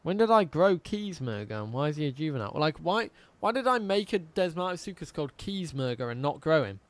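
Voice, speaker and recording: A man's voice: fairly high pitch, big pitch swings, a little fast, no room sound. A man streaming a dinosaur game, chatting casually with viewers, reading out chat and swearing often.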